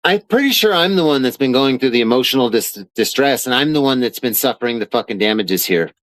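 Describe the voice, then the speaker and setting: A man with a mid-range, expressive voice talks quickly in a fairly bright tone, recorded dry and in low quality. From his home studio on a live stream, he angrily denies claims and reads arrest papers aloud, swearing often. It's an indignant live-stream rant.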